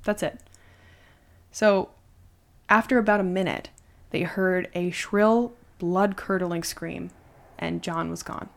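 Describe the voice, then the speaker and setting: Podcast host, female, low-ish register, chatty storyteller. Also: slow, vocal fry, long pauses. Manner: conversational, animated retelling with fillers. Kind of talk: casual storytelling.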